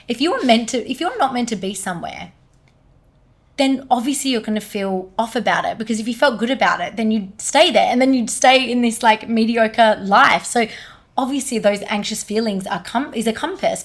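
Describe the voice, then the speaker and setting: A woman's voice: on the high side, fast talker. Young woman telling her story animatedly. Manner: animated retelling, quoting others in lively bursts. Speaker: energy healer guest. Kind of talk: podcast conversation, storytelling.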